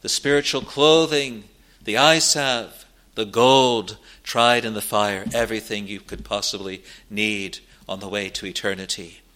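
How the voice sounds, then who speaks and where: A male preacher delivering a sermon at a slow, deliberate pace. His voice is bright and forceful, and he leans into key phrases with rising emphasis. The delivery is earnest, with steady pauses between phrases. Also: lowish voice.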